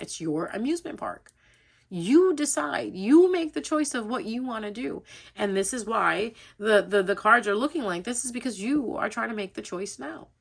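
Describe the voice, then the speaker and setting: A woman's voice: on the high side, a bit bright. A young adult woman chatting her way through a casual tarot reading, rambling and laughing often. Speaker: tarot reader.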